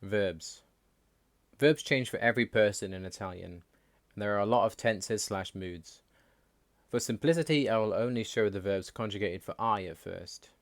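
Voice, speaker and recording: A man hosting a language channel, reading a scripted explainer in a plain, measured way. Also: on the low side, no room sound. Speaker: language learning channel host.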